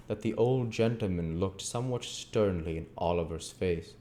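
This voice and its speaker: A man narrating a classic novel aloud as an audiobook reader, in a measured storytelling manner. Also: deep voice, warm tone.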